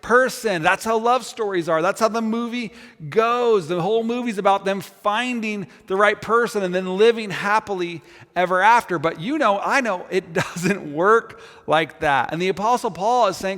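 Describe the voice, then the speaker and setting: High-voiced man preaching in a hall. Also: normal speed, a bit bright. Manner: earnest, repeats words as he builds a point. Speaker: pastor. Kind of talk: sermon.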